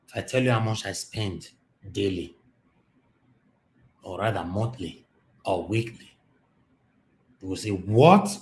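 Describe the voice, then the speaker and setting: A man's voice: lowish voice, a little mellow, a little hiss or hum. A Nigerian man hosting a live-stream commentary, impassioned and repetitive, talking from his home office. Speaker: host. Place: home office, generator running.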